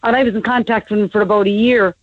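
A woman, telling a family story as a radio guest in a brisk, animated way. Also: mid-range voice. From Ireland. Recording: dry, slightly muffled radio audio.

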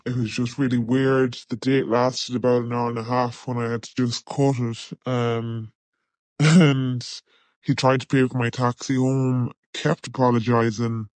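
A man's voice: mid-range voice, no room sound. A man recording a voice note, telling a story in a matter-of-fact way with slang. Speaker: listener sending a voice note.

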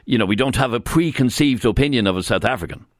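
An Irish man hosting a radio phone-in, speaking from a studio at a mid-range pitch. He asks questions in a relaxed, conversational way, and his close studio mic sounds dry and free of room echo. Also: quick pace. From Ireland. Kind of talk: live radio phone-in chat. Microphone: studio microphone.

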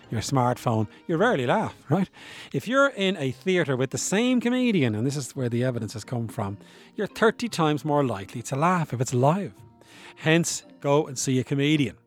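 A man explaining science in a casual, chatty way, often asking his listeners rhetorical questions. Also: medium pitch. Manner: chatty, asks rhetorical questions, demonstrates laughs. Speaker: science presenter. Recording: dry with faint music behind.

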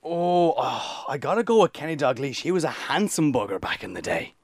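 A man's voice: on the high side, very animated, a little fast, no room sound, studio quality. A young Irish man, a radio presenter, chatting playfully as a podcast guest. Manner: playful, joking, camp banter. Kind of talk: casual chat.

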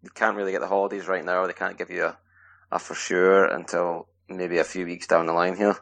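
A man from Scotland, a hockey player answering podcast questions in a relaxed, rambling way with plenty of fillers. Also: low-pitched, fairly quick, gravelly. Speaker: guest ice hockey player. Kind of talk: casual podcast interview.

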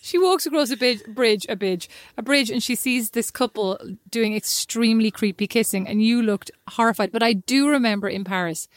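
A woman's voice: a little high, normal speed, few pauses, no echo, studio quality. A woman co-hosting a podcast, chatting with a wry, slightly prim humor and frequent laughs. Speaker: podcast co-host. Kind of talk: casual chat.

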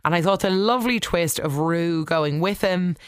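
Casual soap recap, chatty vlogger, opinionated, smooth voice, dry room. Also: medium pitch, moderate pace, dry recording. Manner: chatty, opinionated, full of "like" and asides; talks back to the characters.

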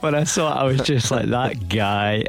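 A man's voice: on the high side, gravelly. A man hosting a radio interview, jokey and laughing often. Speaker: radio host.

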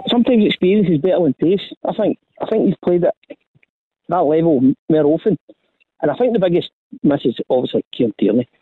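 A man's voice: on the high side, animated, a little fast, breathy edge, dry recording. A Scottish man giving brief, plain-spoken football opinions over a phone line. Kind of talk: sports discussion.

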